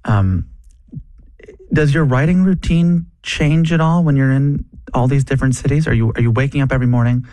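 A man's voice: mid-range voice, moderate pace, warm tone, dry recording. Earnest male interviewer, dry studio. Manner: earnest, stumbles and restarts when asking questions. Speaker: guest interviewer, podcast host. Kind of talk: interview questions.

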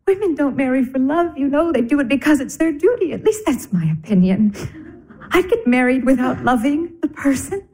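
An actress playing a gentle, sensible older sister who comforts tenderly. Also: female voice, high voice, animated, normal speed. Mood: soothing. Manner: soothing, tender. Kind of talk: stage drama acting.

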